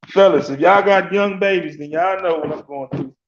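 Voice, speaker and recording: Rambling man, gravelly, echoey room. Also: sits high, moderate pace, a little hiss or hum. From Alabama. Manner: loose, slangy and rambling, laughs often. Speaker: sports talk host. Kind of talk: casual sports rant. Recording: echoey room, dull lo-fi sound.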